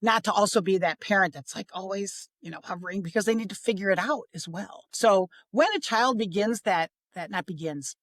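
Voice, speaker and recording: A middle-aged woman talking about parenting on a podcast, chatty and expressive, sometimes acting out what others said. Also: medium pitch, brisk, hardly any pauses, dry recording. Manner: chatty, expressive, acts out quoted voices. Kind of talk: casual podcast conversation.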